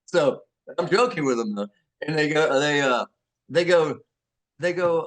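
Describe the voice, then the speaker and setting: An older actor being interviewed, telling animated stories with many restarts and acting out the voices of people he quotes. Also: fairly high pitch, measured pace. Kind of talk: anecdotal storytelling.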